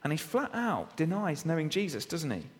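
A man delivers an expository sermon, his voice pitched a little high and moving lively up and down. He reads scripture and presses points home with rhetorical questions. A long reverb of a church hall trails each phrase. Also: normal speed. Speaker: preacher.

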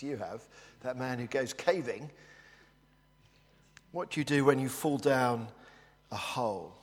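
A man's voice: medium pitch, husky, in a large hall. A male pastor preaching a sermon in an earnest, storytelling way. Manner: earnest, storytelling, hushed in prayer.

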